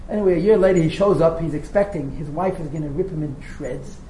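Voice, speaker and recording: A man teaching a class as a rabbi, telling a story with quick asides before turning to the text. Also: on the high side. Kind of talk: storytelling lecture. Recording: roomy echo with faint noise.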